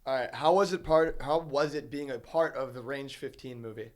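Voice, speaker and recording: A man's voice: medium pitch, steady tone, moderate pace. A man with a mid-range voice reading questions to the hosts. He keeps it short and plain. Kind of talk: casual chat.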